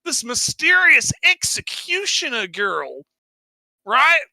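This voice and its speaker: Stream co-host: high, bright man, animated, swears freely, acts out characters mid-recap. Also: takes it slowly, gravelly, no echo, rough recording. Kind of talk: casual chat, recapping an anime.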